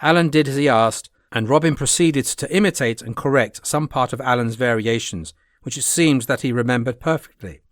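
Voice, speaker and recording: A man narrating a classic adventure novel in a steady, plain reading voice. His pitch sits in the middle range. The recording is dry and close, with no audible room. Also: moderate pace, hardly any pauses, dry recording. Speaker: audiobook narrator. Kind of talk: audiobook narration.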